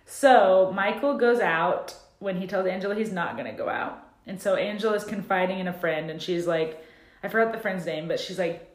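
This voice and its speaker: A woman's voice: medium pitch, normal speed. A woman co-hosting a podcast, chatting and laughing as she recaps a TV show, with lots of "like" fillers, recorded without a proper mic. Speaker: podcast co-host. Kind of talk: casual chat recapping a TV show. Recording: echoey room, no proper mic.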